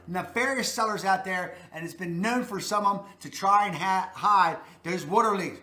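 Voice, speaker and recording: A man's voice: high voice, normal speed, hardly any pauses, bright, forceful tone, roomy sound. A man with a Baltimore accent hosting a real estate video, giving folksy, emphatic advice straight to viewers. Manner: folksy, emphatic, repeats "that's a fact".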